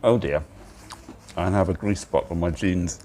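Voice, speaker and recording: In a cozy indoor cafe, an older livestream host eats and chats in a rambling, casual way. He speaks unhurriedly in a low, warm voice. The audio comes from a phone on a handheld gimbal and has slight background noise.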